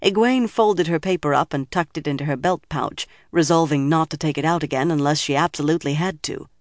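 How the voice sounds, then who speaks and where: A man narrating an audiobook in steady storytelling. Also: fairly high pitch, brisk, dry recording, studio quality. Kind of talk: scripted narration.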